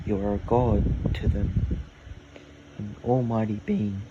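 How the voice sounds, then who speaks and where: A man's voice: lowish voice, fairly even intonation, takes it slowly, dull audio. A man reading a loyal, kind young man. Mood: earnest. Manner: earnest, plain storytelling voice. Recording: loud air conditioning hum. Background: air conditioning.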